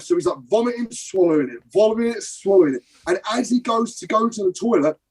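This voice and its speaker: A young adult man from Britain, the guest on an interview show, tells an animated story. He swears casually and acts out scenes. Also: sits high, fast, hardly any pauses, breathy edge, rough recording. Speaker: guest, professional wrestler. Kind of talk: animated anecdote telling.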